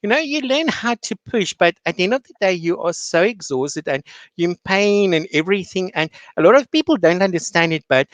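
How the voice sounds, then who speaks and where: A woman's voice: fairly low pitch, a little fast, no room sound. Chatty South African woman, dry sound. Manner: lively storyteller, fillers like "you know", acts out quotes. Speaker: guest, online teacher. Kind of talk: casual studio chat.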